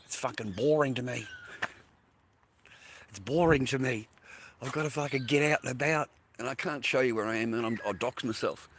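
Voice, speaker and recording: A man's voice: mid-range voice, moderate pace, pauses often, noisy background. Swearing Australian man rambling outdoors. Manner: profane, rambling, slangy, repeats himself. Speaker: vlogger. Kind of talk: rambling casual monologue to camera. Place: outdoors by water with ducks.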